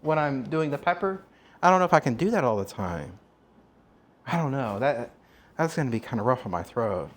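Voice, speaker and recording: Streaming live as he cooks in his kitchen, this man rambles chattily and keeps asking his viewers questions. His mid-range voice moves a bit quickly and swings widely in pitch, in the easygoing manner of a casual stream.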